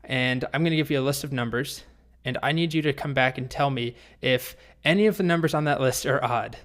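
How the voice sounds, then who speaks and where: A bossy male wizard , as a storyteller man puts him on, handing out orders matter-of-factly in a story told aloud. The voice stays at a plain, middle pitch. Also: fairly quick, a bit bright, lightly acted. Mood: instructing.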